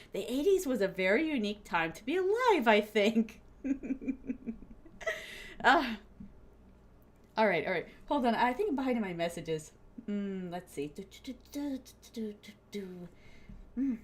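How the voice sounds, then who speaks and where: A young adult woman from Florida, chatting playfully with viewers on a stream and laughing often. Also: medium pitch. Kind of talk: casual chat with viewers.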